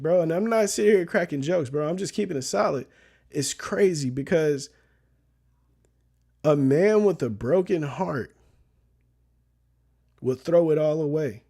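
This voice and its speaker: A young man with a slightly high voice tells a story to his viewers. His talk is loose and full of slang. He keeps checking in with his audience as if chatting with a friend. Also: creaky, a little mellow. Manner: slangy, loose, keeps asking "you know what I mean". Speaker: vlogger. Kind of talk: casual storytelling commentary.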